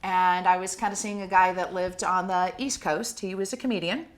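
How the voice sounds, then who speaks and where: A middle-aged woman co-hosting a casual talk show, telling a story in an animated way and acting out what people said. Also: fairly low pitch, moderate pace. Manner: animated storyteller, acts out quoted voices.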